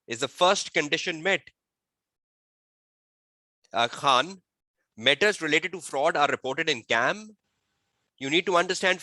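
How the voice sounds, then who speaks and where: Bright-voiced man quizzing exam students. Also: on the high side, dry recording. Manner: repeats key phrases and quizzes listeners with questions; slow dictation-like delivery when stating rules. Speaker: audit exam tutor. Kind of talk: online exam-prep lecture. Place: webinar.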